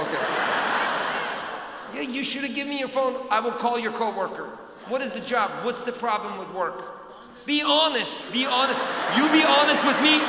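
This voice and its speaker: High-voiced comedian doing loud crowd work. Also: male voice, background noise. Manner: loud, teasing, often shouting. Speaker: stand-up comedian. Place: large theatre. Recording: echoey hall, loud crowd.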